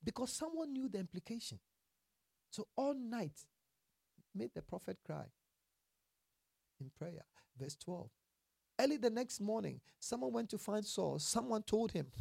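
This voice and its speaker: A preacher giving a sermon with Bible reading, asking the congregation questions and answering them, and building to emphatic loud passages. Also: mid-range voice, sing-song, a little slow, creaky, long pauses, no echo, studio quality.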